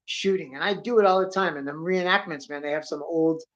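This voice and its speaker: A man's voice: fairly high pitch, fairly quick, lo-fi sound. A man telling a rambling comic story, cursing constantly, tacking "dude" onto his lines and acting out noises along the way. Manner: profane, excitable, drawling with "dude"; acts out sound effects and voices.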